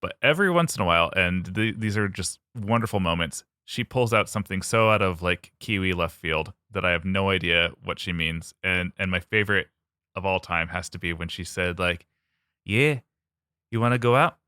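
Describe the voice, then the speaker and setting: A man's voice: sits low, a little fast, sharp tone, smooth, no echo, clean studio sound. A man from the United States co-hosting a podcast in casual chat, rambling with many fillers and laughing often. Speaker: podcast co-host.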